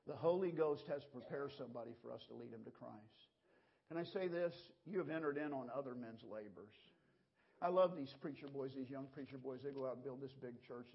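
A man's voice: medium pitch, slightly rough, lo-fi sound. A man preaching a sermon, telling stories in a folksy way. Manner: folksy storytelling preacher, acts out gestures. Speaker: pastor.

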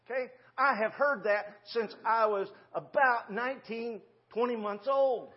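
A pastor in his sixties preaches unhurriedly in an extremely high voice, captured with lo-fi sound in a church sanctuary. He speaks in a folksy, conversational way full of rhetorical questions.

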